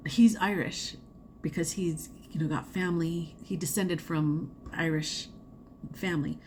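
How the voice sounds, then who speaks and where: A chatty woman talks through her crafting month in a loose, rambling way, full of fillers. Her voice sits a little low for a woman. A faint hiss of noise runs under the recording. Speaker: crafting vlogger. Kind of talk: casual chat.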